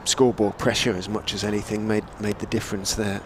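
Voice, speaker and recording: A man giving relaxed ball-by-ball cricket commentary from a rooftop commentary position, rising with excitement on the big shots. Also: on the low side, background noise. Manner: measured, chatty, lifts to excited calls on big shots. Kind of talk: radio-style ball-by-ball commentary. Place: commentary position on a stadium hotel roof.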